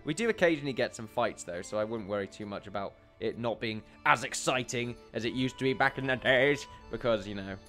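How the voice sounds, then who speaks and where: A man's voice: medium pitch, animated, fairly quick, few pauses, a bit bright. A young man rambling and laughing at himself while commenting on a building game, with faint music underneath. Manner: rambling, self-deprecating, laughs often. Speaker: gaming commentator. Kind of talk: casual let's play commentary.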